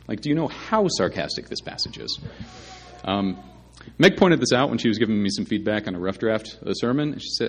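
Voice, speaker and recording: Pastor, male, deep husky voice, lively swooping delivery, casual sermon with sarcastic asides. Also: a little fast. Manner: conversational, playfully sarcastic, many ums.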